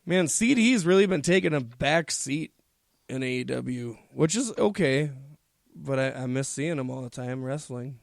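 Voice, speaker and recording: A man's voice: mid-range voice, lively intonation, normal speed, gravelly, dry recording, studio quality. A man co-hosting a casual wrestling podcast, trading crude banter and laughing. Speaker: podcast co-host.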